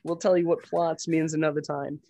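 A man's voice: fairly high pitch, level tone, a little fast, mellow, rough recording. A man co-hosting a podcast in casual chat, ranting bluntly and swearing freely. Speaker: podcast co-host.

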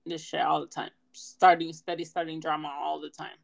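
A young woman, co-hosting a casual podcast chat and telling stories in an animated way. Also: low-pitched, moderate pace, vocal fry, low-quality recording. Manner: animated storyteller, laughs often. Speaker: podcast co-host.

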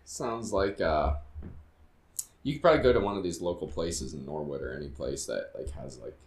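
A man's voice: a bass voice, moderate pace. A young man co-hosting a podcast, teasing his friend with crude jokes and frequent swearing. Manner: teasing, swearing, laughs often. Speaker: podcast co-host. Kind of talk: crude casual podcast banter. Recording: echoey room.

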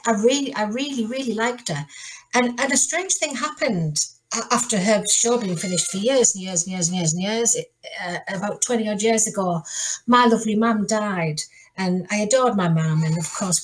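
A middle-aged woman hosting a podcast, chatty and rambling with asides and restarts. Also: medium pitch. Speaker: podcast host. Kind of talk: casual chat.

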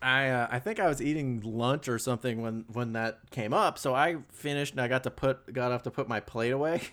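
A young man chatting casually on a podcast. He tells stories in a loose, rambling way, full of fillers and restarts. His pitch sits in a middle range. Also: fairly quick, fairly bright tone. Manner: chatty, storytelling, lots of "like" fillers. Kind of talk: casual chat.

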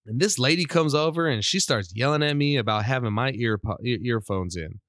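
A middle-aged man hosting a casual solo podcast, rambling and animated while under the weather with a cough. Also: mid-range voice, brisk, dry recording, studio quality. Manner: rambling, animated, self-deprecating. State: sick with a cough. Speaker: podcast host.

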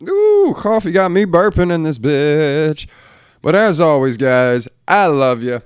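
A man's voice: fairly high pitch, a little slow, smooth, no echo, studio quality. A middle-aged man hosting a solo podcast from a room at home, talking bluntly and ranting with plenty of swearing. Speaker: podcast host. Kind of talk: casual solo podcast rant.

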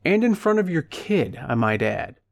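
A man voicing a calm, calculating male hired punisher who speaks in firm, measured tones. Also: a little high, vocal fry, no echo, clean studio sound, pitched above the performer's own voice. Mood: cold menacing.

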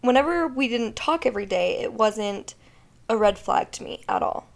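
A woman's voice: a little high, animated, moderate pace, creaky. A young woman hosting a solo podcast, chatting candidly with frequent swearing and laughs. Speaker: podcast host. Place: at home, fireworks outside.

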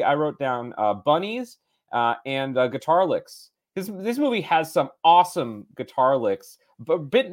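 A man co-hosting a casual movie podcast, chatty and rambling with many fillers. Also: a little high. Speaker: podcast co-host.

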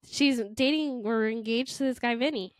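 A woman's voice: fairly high pitch, moderate pace, no room sound, clean studio sound. A woman co-hosting a podcast, teasing her co-host in casual talk full of fillers. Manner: teasing, laughing, filler-heavy. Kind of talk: casual chat.

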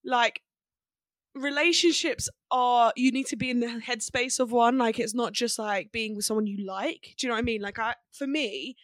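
A young woman in her twenties chats on a podcast in a bright, fairly high voice. She tells stories in an animated way, often laughing through her words. The sound is close and dry. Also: moderate pace, no echo. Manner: animated storyteller, laughs while talking. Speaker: podcast co-host. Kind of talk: casual chat. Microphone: video call.

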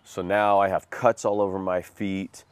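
A man's voice: deep voice, level tone, moderate pace, clean tone. A man recounting a hard chapter of his life as a personal testimony, earnest and self-deprecating. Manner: earnest, self-deprecating, vivid retelling with rueful laughs. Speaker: guest sharing his life story.

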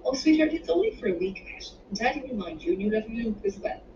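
A woman voicing a thirty-something mother, bright and coaxing with her children. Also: medium pitch, expressive, fast, a little hiss or hum, natural voice. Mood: tender. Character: warm Irish mother in her late thirties. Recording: distant roomy dull-sounding recording.

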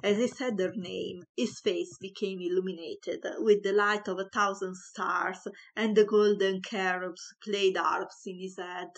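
A woman reading a comic story aloud in a playful, expressive way. She takes her time over each sentence, in a mid-range voice. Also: medium pitch, a little slow, hardly any pauses, low-quality recording. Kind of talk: storybook narration.

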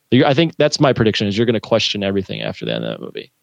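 A man's voice: mid-range voice, sing-song, very fast, vocal fry, hardly any pauses, dry recording. A man co-hosting a casual podcast chat, talkative and joking, often repeating himself. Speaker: podcast co-host.

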